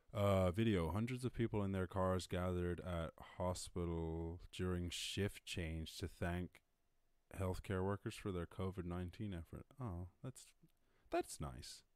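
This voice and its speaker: Irish male streamer, low voice, profane and rambling, dry close mic. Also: a little mellow, dry recording. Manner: rambling, profane, laughs at his own jokes. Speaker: podcast host. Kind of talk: casual livestream commentary.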